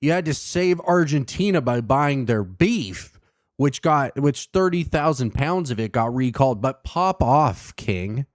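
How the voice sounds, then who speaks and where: A man's voice: mid-range voice, expressive, unhurried, dry recording, studio quality. Sarcastic ranting man hosting a show. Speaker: podcast host. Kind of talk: casual monologue.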